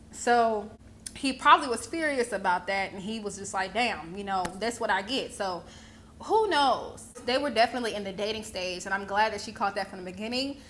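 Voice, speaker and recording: A woman's voice: medium pitch, sharp tone, a little hiss or hum. A young woman giving blunt, profane commentary in a casual, sassy way. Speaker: vlogger commentator.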